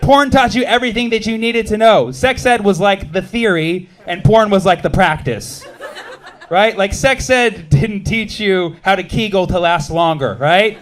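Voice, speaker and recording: A man doing a stand-up comedy set on a club stage, quick and sardonic, trading jabs with the audience. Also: high-pitched, a bit bright. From United States. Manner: quick, sardonic, jumping between bits and audience banter.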